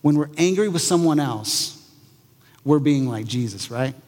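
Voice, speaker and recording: Man preaching an animated sermon in a hall. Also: fairly high pitch, unhurried. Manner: conversational, animated, acts out quoted voices. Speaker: pastor.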